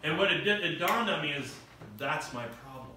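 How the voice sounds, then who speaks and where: A middle-aged man preaching a sermon, with a bright, forceful voice full of storytelling energy. He acts out quotes as he goes. The sound is very echoey and picked up from across the hall. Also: on the high side, lively intonation, moderate pace, slight background noise. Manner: storytelling with acted quotes and rising emphasis. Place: church hall. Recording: echoey room picked up from far off.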